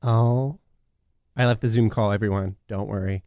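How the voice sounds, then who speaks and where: A man's voice: on the low side, fairly even intonation, moderate pace, dark tone, dry recording, natural voice. A man playing a naive, overexcited radio host who stammers and gushes in a satirical radio sitcom. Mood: giddy. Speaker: show host.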